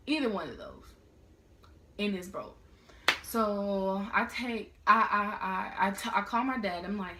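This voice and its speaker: A teenage girl telling a story in a casual, slangy, animated way. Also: mid-range voice, a little slow. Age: teens. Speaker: vlogger. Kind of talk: storytime vlog. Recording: roomy echo.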